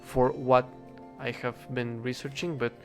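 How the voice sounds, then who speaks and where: Young man, mid-pitched, rambling chat over a game with faint music under it, stops and restarts a lot. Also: flat delivery, a little slow. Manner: rambling, hesitant, self-correcting, swears casually. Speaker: English teacher. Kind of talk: casual rambling talk while gaming.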